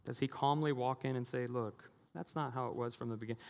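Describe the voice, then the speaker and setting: A man preaching a lively, conversational sermon as a pastor, often acting out the voices of the people he describes. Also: mid-range voice, fast, few pauses. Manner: animated, acting out quoted voices. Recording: long hall reverb.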